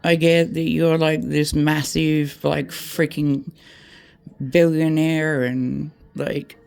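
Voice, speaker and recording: A woman's voice: low voice, flat delivery, slow pace, vocal fry, a little mellow, smooth. An Australian woman vlogging, ranting straight to camera in a blunt, heated way, swearing freely and filling her talk with "like" and "mate".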